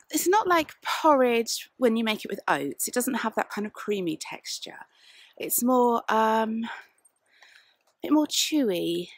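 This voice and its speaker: A woman's voice: fairly high pitch, breathy edge, no room sound. A woman from England with a southern English accent, chatting casually and a little out of breath while out walking, talking fondly to her dog. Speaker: vlogger. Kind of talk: casual vlog on a walk. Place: outdoors on a country walk.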